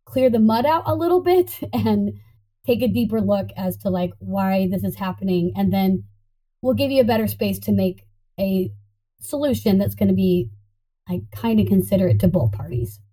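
A woman in a casual conversation, animated and laughing often, slipping into playful voices when quoting herself. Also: medium pitch, normal speed, low-quality recording.

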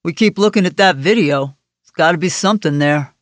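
A woman's voice: fairly low pitch, brisk, no echo, natural voice. Woman playing cocky male agent, wisecracking, folksy, audiobook, dry. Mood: teasing. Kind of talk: audiobook character voice.

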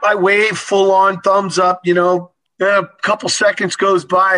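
Animated, high-voiced older male storyteller. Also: moderate pace, poor audio. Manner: animated, chuckling, folksy. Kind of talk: casual anecdote.

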